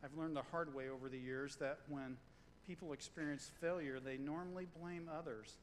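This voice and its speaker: Male pastor, sermon, conversational and animated, slightly high voice, long church reverb, faint room noise. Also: moderate pace. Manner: conversational, animated, acts out quotes.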